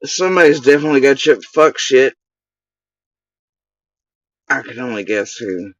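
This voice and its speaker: A man's voice: medium pitch, expressive, normal speed, no echo. A man hosting his own channel, delivering an angry, profane rant full of accusations and insults aimed at one person. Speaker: channel host. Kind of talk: angry direct-to-camera rant. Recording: dull lo-fi dry recording.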